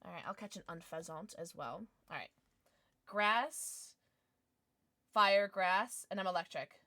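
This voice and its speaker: A woman streamer chatting casually with viewers as she opens trading cards, excitable and quick to gasp and squeal. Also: on the low side. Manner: excitable, gasping and squealing at pulls. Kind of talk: livestream chat while opening trading cards.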